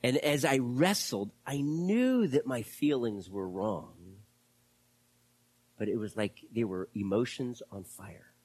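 A man preaching a sermon as pastor, impassioned and then dropping to hushed, whispered prayer. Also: medium pitch, animated, slow, slightly rough, dry recording.

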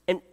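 A man preaching a sermon, animated and joking, acting out voices and coughing now and then. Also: big-room sound. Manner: animated, acts out voices, jokes with the congregation. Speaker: pastor.

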